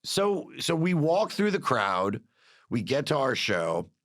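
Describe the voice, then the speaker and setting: A man's voice: mid-range voice, big pitch swings, slow, a bit bright. A man, a comedian, telling stories in a casual podcast chat, swearing freely and acting out what others said. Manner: swearing storyteller, acts out quotes. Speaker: comedian guest.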